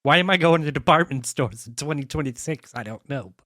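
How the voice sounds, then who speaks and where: Male podcast co-host, slightly high pitch, dry close sound, jokey. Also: a little fast, fairly bright tone, no echo. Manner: conversational, jokey asides. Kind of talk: casual chat recapping a sitcom.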